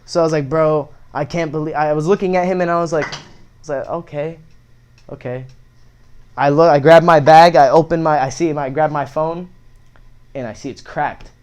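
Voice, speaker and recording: A man's voice: fairly high pitch, fairly even intonation, brisk, a little mellow, smooth. A young man, a podcast guest, telling a story in a casual, profane way with many fillers.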